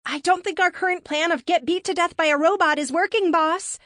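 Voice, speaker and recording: A woman voicing a quick, quippy young female superhero teammate. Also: high-pitched, expressive, bright, forceful tone, no echo, studio quality, voice pushed up.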